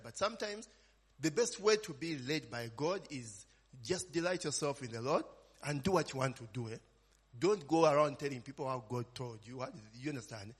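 A man's voice: on the high side, a bit bright, husky. A man preaching an informal sermon, conversational, tagging his lines with "eh?" and "amen?" and asking the congregation questions. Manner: conversational, frequent "eh?" and "amen?" tags, call-and-response questions. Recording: long reverb.

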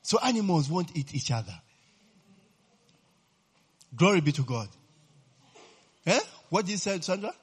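A man's voice: high-pitched, unhurried, pauses often, slightly rough. A man preaching a sermon, constantly checking on his listeners with "eh?" and questions. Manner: lively, keeps checking the listeners with "eh?" and quizzing them.

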